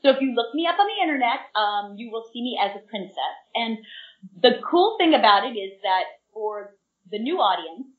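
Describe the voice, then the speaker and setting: A woman in her fifties, appearing as a guest actress in a casual interview, talks at a moderate pace in a slightly high, very animated voice. She is bubbly and eager, rambling on in long runs. The remote audio is dull and echoey, picked up from off-mic.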